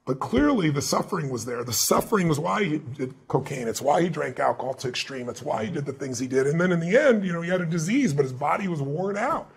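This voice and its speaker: Male guest speaker, fairly high pitch, gravelly rasp, animated interview storyteller. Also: fast, few pauses. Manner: animated, emphatic storyteller who acts out quoted dialogue. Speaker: guest author and motivational speaker.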